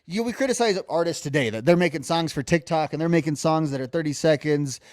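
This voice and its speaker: A man chatting on a podcast, voice sitting a little high for a man. He rambles, restarts his sentences and fills gaps with "like" and "um." The recording is dry and close, with no room sound. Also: fast, darkish tone, no room sound. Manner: rambling, many restarts and fillers, hums melodies. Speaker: podcast co-host. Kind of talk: casual music discussion.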